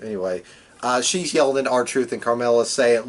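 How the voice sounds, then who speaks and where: A man's voice: medium pitch, lively intonation, fairly quick. Man, podcast co-host, casual wrestling recap, rambling, filler-heavy. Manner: rambling recap with frequent ums and uhs.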